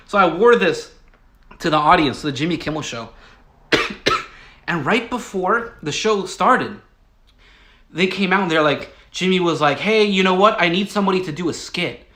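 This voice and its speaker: A man with a high, bright voice tells a story in a loose, rambling monologue. He gets excitable, tripping over his words and coughing now and then. The sound rings around an echoey room. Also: moderate pace, long pauses. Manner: rambling, excitable, stumbles and restarts.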